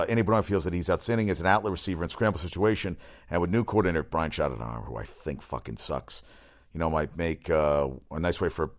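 A man runs a solo sports podcast, his low-pitched voice rambling along excitedly, full of crude asides and constant self-corrections.

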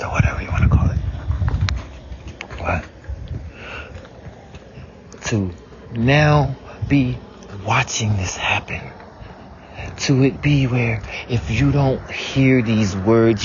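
A man giving a raw, profane personal monologue about family, often sinking into a whisper. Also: on the low side. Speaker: speaker venting about family. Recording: dull lo-fi sound with background noise.

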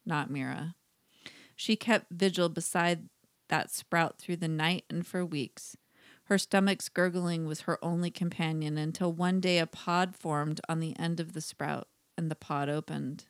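A woman with a lowish voice reads a listener's story in a steady, even narrating tone. The recording is dry and close, with no room sound. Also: a little slow, dry recording. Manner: laughs often, reads narration evenly. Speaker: podcast co-host reading listener stories. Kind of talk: casual chat and story reading.

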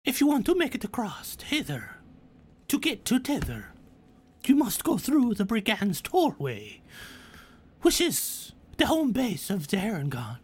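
A woman's voice: medium pitch, huge pitch swings, unhurried, darkish tone, slightly rough, pitched above the performer's own voice, exaggerated voice. A game master voicing a fussy female goblin who hoards keys and speaks in grand, archaic phrases with hesitant fillers. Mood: bargaining.

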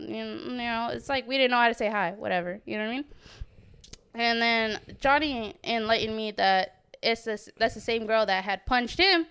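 A woman's voice: a little high, a bit bright, smooth. A young woman in her twenties on a podcast, telling a profane story in casual chat and acting out the quotes. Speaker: podcast co-host.

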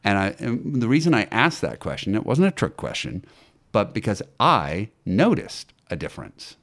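A man who acts and teaches acting, telling stories in an interview with animated delivery and frequent fillers and restarts. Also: on the low side, moderate pace. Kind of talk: conversational interview storytelling.

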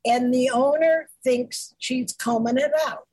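Husky-voiced woman groomer chatting casually. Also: sits high, measured pace, dry recording, low-quality recording. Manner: gentle, chatty, self-deprecating. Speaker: podcast co-host, dog groomer. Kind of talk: casual chat.

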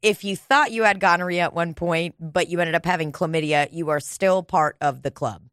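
A woman co-hosting a casual, crude podcast, profane and animated, slipping into squealing put-on voices. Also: lowish voice, normal speed, no echo, studio quality. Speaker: podcast co-host.

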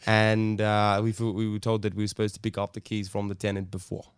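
A man's voice: on the low side, level tone, brisk, smooth, no echo, studio quality, natural voice. A man putting on a hammy South African accent, playing a cheeky young guy bluffing his way through a chat.

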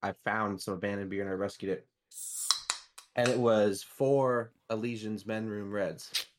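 A man's voice: on the low side, fairly even intonation, measured pace, background noise. A man co-hosting a podcast, easygoing and laughing through banter with friends. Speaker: podcast co-host. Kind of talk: casual chat.

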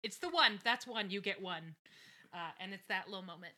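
Very bright, enthusiastic woman podcaster. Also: medium pitch, normal speed. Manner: enthusiastic, profane, animated. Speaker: podcast co-host recapping a TV episode. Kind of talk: casual chat.

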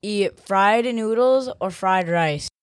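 A woman's voice: medium pitch, takes it slowly, no echo. A young woman co-hosting a casual family podcast with her mother, dry and slangy. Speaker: co-host, host's child.

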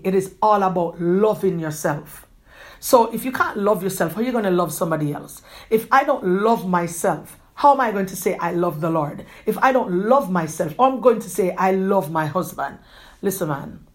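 A woman hosting a podcast, giving an earnest, rambling motivational talk, repeating herself often and talking quickly. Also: on the low side. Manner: quick talker who gestures a lot. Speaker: podcast host.

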